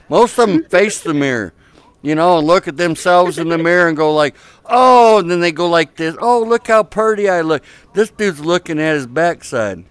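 Man, slightly high smooth voice, dry close headset sound; casual crude joker roasting strangers in VR. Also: no echo. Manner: teasing, crude banter with strangers. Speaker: VR chat YouTuber. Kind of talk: casual joking commentary. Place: social VR game room.

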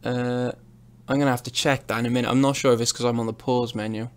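A man's voice: medium pitch, level tone, quick pace, smooth. A young man streaming a truck driving game, chatting casually and mocking himself as he drives. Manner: chatty, rambling, self-mocking. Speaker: gaming streamer. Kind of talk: casual live gameplay commentary.

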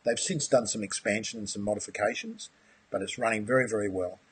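Husky-voiced man teaching live. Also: lowish voice, quick pace, fairly bright tone. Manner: friendly, enthusiastic, addresses viewers as mate. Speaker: aquaponics course instructor. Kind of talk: live webinar presentation.

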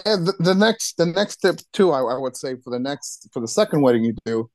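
A man who works as a wedding DJ and MC, giving advice in a casual podcast chat, halting and restarting his sentences often. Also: a little high, animated, a little mellow, no echo. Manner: halting, with many restarts and repeated words.

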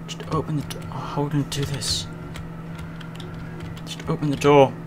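A man commentating his horror game playthrough, swearing a lot and shouting at the game when it frightens him. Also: on the high side, level tone, normal speed, over music. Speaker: let's play host. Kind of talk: gaming commentary.

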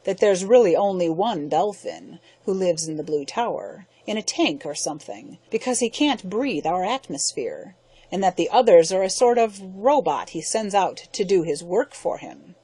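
A woman's voice: fairly low pitch, expressive, normal speed, dark tone, breathy edge, no room sound. A woman reading an audiobook, voicing a burly, sly uncle who talks in a coaxing, insinuating way.

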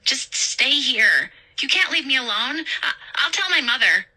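A woman's voice: high-pitched, expressive, measured pace, sharp tone, pitched above the performer's own voice, exaggerated voice, low-quality recording. A woman reading a story aloud and voicing a timid young coworker who pleads and whines in fear. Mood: scared. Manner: fearful, pleading, whiny.

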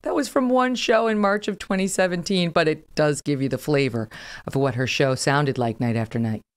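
A woman hosting an interview podcast, talking in a brisk, emphatic and wry way. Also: sits low, clear, resonant tone. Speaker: podcast host. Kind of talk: conversational interview.

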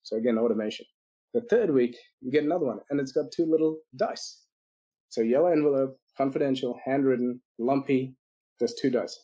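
A man's voice: mid-range voice, brisk, warm tone, breathy edge, low-quality recording. A man guest on a business podcast, telling stories animatedly, acting out quoted lines and laughing often. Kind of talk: podcast interview storytelling.

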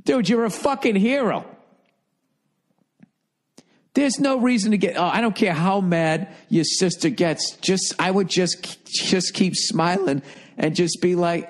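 A middle-aged man hosting a comedy advice podcast, reading listener letters and riffing loudly with profanity. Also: high-pitched, measured pace. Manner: loud, profane, animated riffing with mocking put-on voices. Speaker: podcast host giving advice.

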